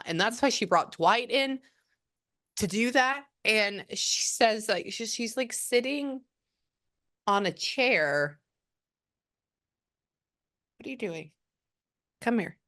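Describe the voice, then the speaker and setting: A woman's voice: on the high side, animated, slow, long pauses, bright, forceful tone. A woman working as a psychic medium, talking casually through a reading and trailing off mid-sentence as she relays messages. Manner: chatty, relays and quotes at length, trails off mid-thought.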